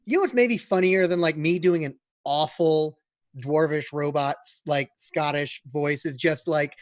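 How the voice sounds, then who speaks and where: A man with a slightly high voice talks loosely in a casual round-table chat, stringing thoughts together with plenty of fillers. The recording is dry and close, with no room sound. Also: a little slow, no room sound. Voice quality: rambling, filler-heavy. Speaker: podcast guest.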